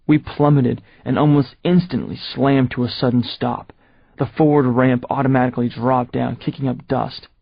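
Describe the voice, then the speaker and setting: A man narrating a first-person audiobook in a steady, measured storytelling voice. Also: mid-range voice, gravelly, breathy edge, lo-fi sound.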